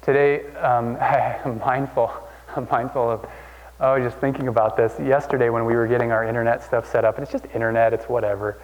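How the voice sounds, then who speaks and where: A man's voice: mid-range voice, fairly even intonation, a little fast. Man preaching in an echoing hall. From Oregon. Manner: conversational, repeats phrases, many fillers and restarts. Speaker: pastor. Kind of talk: sermon. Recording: dull sound with long hall reverb.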